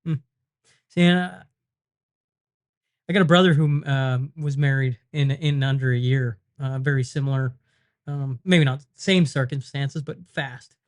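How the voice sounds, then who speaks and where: A man from Canada, a podcast guest, talking in a reflective, halting way with many fillers. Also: mid-range voice, fairly even intonation. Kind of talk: casual conversation.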